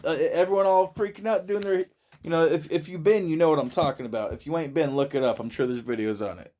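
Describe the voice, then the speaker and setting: A man's voice: a little high, quick pace, dark tone. A man talks in a loose, rambling way and trips over his own words, repeating them as he starts again. He swears a lot and keeps breaking into laughter. He is speaking from inside a friend's shed. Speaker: vlogger reacting to a video. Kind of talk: casual profane monologue.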